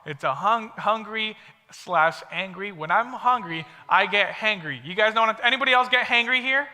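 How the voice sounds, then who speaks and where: A young man speaking at a youth service delivers an upbeat, chatty sermon built on storytelling, with plenty of asides. His voice is high-pitched and sharp at a normal speed, and the long reverb of a big hall surrounds him.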